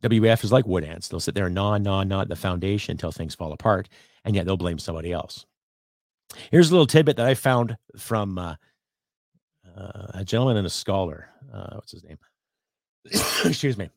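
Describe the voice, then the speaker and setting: A man's voice: deep voice, expressive, fairly quick, creaky, a little mellow, no echo, clean studio sound. A man from Canada hosting a podcast, delivering an angry, sarcastic rant with some swearing. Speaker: podcast host. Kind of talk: ranting podcast monologue.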